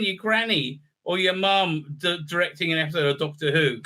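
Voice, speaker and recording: A man's voice: fairly high pitch, moderate pace, bright, forceful tone. A man giving a sarcastic, profane recap review full of fillers and restarts. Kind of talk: casual ranting recap.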